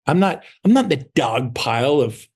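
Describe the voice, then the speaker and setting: A man's voice: medium pitch, animated, moderate pace, creaky, darkish tone, slightly rough. A middle-aged man giving a motivational sales training talk in an emphatic, repetitive, hard-selling way. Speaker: real estate sales trainer.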